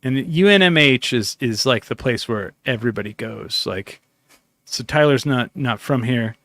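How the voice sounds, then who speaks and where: A man's voice: mid-range voice, animated, moderate pace, fairly bright tone, dry recording. A man hosting a podcast, telling a long story in a loose, rambling way with plenty of swearing, acting out bits of dialogue as he goes. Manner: rambling, profane, acts out his own dialogue. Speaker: podcast host. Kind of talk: casual storytelling chat.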